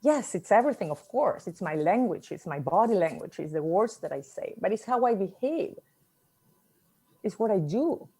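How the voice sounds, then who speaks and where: A woman who speaks English as a second language, giving a motivational talk in a reflective, storytelling manner with pauses. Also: mid-range voice, sing-song, dark tone, husky. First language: not English.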